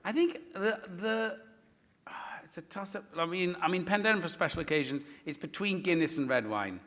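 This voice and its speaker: A man's voice: high voice, fairly quick, fairly bright tone. A middle-aged Welsh man, a first-language Welsh speaker, telling stories on stage and acting out other people's voices with lots of laughter. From Wales. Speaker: guest actor. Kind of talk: animated anecdote telling on stage. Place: stage before a live audience.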